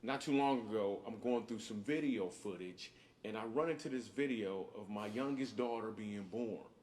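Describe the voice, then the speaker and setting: A man's voice: fairly low pitch, moderate pace. Enthusiastic man sharing a faith clip. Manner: relaxed, enthusiastic, conversational. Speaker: comedian and father. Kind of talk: video testimony.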